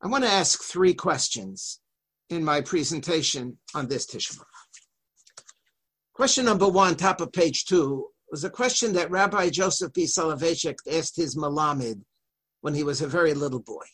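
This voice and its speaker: Husky man teaching a religious text. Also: on the high side, lively intonation, a bit bright. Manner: quick reading of Hebrew with translation. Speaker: Torah teacher.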